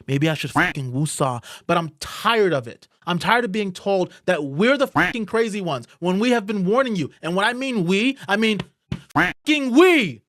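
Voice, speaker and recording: A man's voice: on the high side, a bit bright, no echo, clean studio sound. A man hosting his own political commentary show, delivering a heated monologue full of swearing and angry outbursts.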